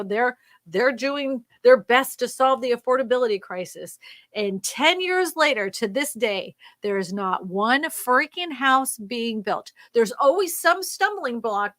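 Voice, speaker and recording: A woman's voice: a little high, fairly bright tone, no echo. A woman hosting a real estate live stream. She reads viewer comments aloud and answers them in an emphatic, ranting way, laughing often.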